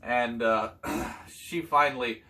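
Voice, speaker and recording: An older man telling his son hunting stories from years back, in a halting, casual way with many fillers. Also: medium pitch, steady tone, bright, forceful tone, a little hiss or hum. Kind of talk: casual storytelling chat.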